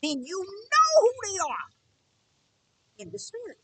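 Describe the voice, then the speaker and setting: A middle-aged woman preaches with a high, bright voice that swings widely up and down. She speaks emphatically and repeats herself as she testifies. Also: big pitch swings, measured pace, no echo. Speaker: spiritual teacher. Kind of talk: preaching monologue.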